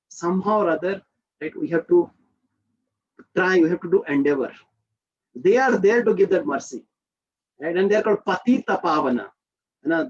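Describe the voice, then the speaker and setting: A man with an Indian accent leading a devotional group session, teaching in an animated, conversational way. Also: sits high, lo-fi sound. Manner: animated, leans on conversational tags and checks in with listeners. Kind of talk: informal spiritual teaching talk.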